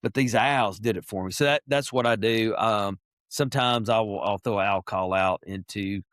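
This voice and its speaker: A middle-aged man, a podcast guest chatting casually and telling lively stories, now and then imitating animal calls. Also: on the low side, normal speed, no echo, studio quality. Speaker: podcast guest, wildlife biologist. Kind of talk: casual interview chat.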